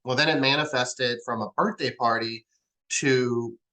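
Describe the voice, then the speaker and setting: A man's voice: medium pitch, unhurried, sharp tone, poor audio. A man in his forties, an interview guest, telling a heartfelt personal story and acting out the lines of others. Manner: heartfelt, acts out quoted lines. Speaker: guest, charity founder.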